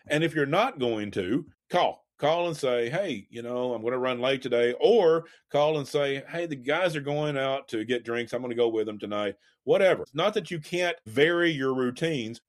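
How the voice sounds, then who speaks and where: Male counselor, mid-range voice, direct advice talk, drives points home with repetition. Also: mid-range voice. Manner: emphatic, repetitive, checks in with "okay?". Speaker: relationship counselor.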